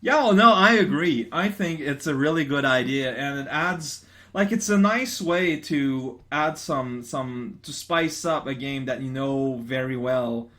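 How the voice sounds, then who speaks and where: A man's voice: medium pitch, unhurried, a bit bright. A young man rambling playfully through casual gaming commentary, often stammering and restarting his sentences. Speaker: let's player. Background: faint game music.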